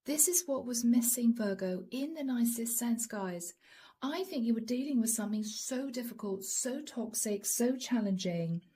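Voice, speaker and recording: A woman giving a channeled tarot reading, soft and emotional, often dropping to a whisper. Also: a little high, lively intonation, moderate pace, slightly rough. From Europe. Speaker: tarot reader.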